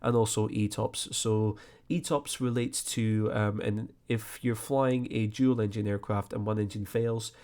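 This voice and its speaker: A man hosting a screen-recorded flight sim tutorial, explaining step by step in a relaxed way with frequent fillers. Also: fairly low pitch, unhurried, hardly any pauses.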